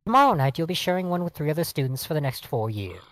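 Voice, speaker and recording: A man's voice: fairly high pitch, sing-song, fast talker, a bit bright. A man voicing a stern, strict woman professor who speaks in a clipped, formal way.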